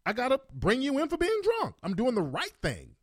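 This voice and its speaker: A man's voice: very high-pitched, huge pitch swings, moderate pace, slight background noise, pitched above the performer's own voice, exaggerated voice. A man voicing a matter-of-fact male police officer doing his job. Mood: firm.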